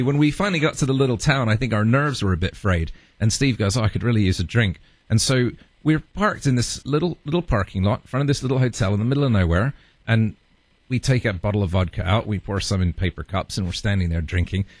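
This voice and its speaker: Male guest, husky, animated anecdote teller, dry studio mic. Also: fairly low pitch, fast talker, no room sound. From part Russian heritage. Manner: animated, laughing storyteller. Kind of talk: storytelling anecdote.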